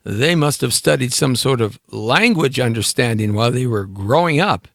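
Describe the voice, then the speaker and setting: A man's voice: medium pitch, expressive, moderate pace, vocal fry, dry recording, clean studio sound. A man hosting a live talk show, musing and joking in a rambling way, with many fillers. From United States. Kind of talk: rambling live-stream monologue.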